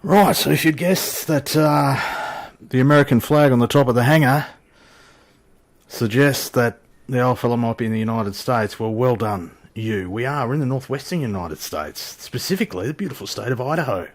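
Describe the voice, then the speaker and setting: At normal speed and in a mid-range voice, an Australian man hosts a flight sim channel. He's chatty and jokes his way through the gameplay commentary, often at his own expense.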